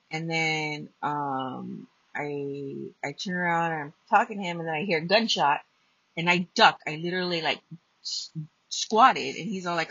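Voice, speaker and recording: A woman's voice: on the low side, normal speed, pushed and bright, no room sound. A woman podcast host telling a personal ghost story in a blunt, profane, casual way. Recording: dull lo-fi dry recording.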